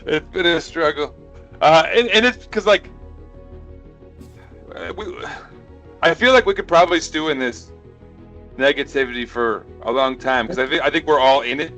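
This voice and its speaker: A man with an American accent hosting a casual football podcast, relaxed and reading listener comments aloud. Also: on the high side, normal speed, pauses often, soft background music. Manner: relaxed, laughs often, reads comments aloud. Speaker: podcast host.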